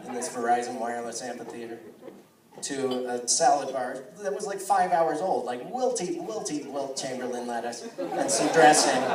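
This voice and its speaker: A man's voice: mid-range voice, recorded from a distance. A man doing a stand-up comedy set on a live theater stage, rambling with self-mocking asides. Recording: echoey live theater, crowd noise.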